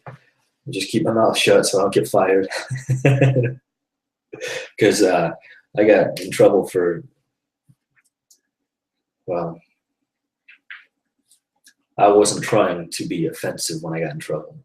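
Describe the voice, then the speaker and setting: This man, hosting a live webcast, drifts through a casual faith-centered story from his life, sighing and laughing as he goes. His lowish, darkish voice stays level and unhurried with long pauses, captured from a distance with roomy echo.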